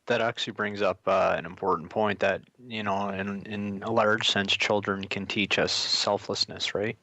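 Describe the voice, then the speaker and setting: A man hosting a radio interview, asking measured, thoughtful questions. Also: on the low side, steady tone, sharp tone, no echo. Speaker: radio show host.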